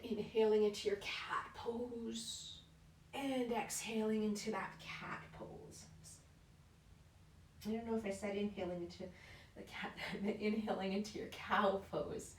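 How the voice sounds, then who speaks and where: A woman leading a yoga class in a calm, encouraging way, often checking in with "right?". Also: mid-range voice, slight background noise. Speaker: yoga instructor. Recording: roomy echo, mic at a distance.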